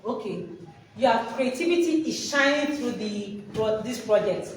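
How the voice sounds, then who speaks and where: A woman's voice: a little high, lively intonation, a little slow. A woman presenting a workshop, quizzing her listeners with prompts for them to finish. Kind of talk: interactive teaching talk. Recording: echoey hall, distant mic, background noise.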